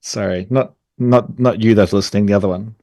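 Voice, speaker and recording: A man's voice: on the low side, steady tone, a little fast, a little mellow. A young Australian man co-hosting a podcast in casual chat, jokey and teasing with plenty of fillers. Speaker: podcast co-host.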